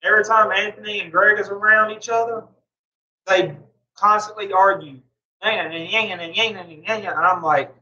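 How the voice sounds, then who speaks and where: A man's voice: sits high, steady tone, normal speed, bright, forceful tone, distant mic. A man chatting casually on a livestream, rambling and repeating himself to his viewers. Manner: rambling and repetitive. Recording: roomy, off-mic, dull lo-fi sound.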